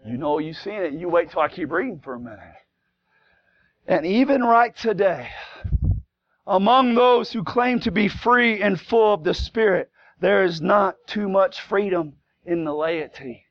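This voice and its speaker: A man preaching a fiery Pentecostal sermon in a church, swinging from low conversational asides to shouted exhortation in plain, folksy speech. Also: unhurried, highs cut off. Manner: folksy plain-spoken grammar. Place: church sanctuary.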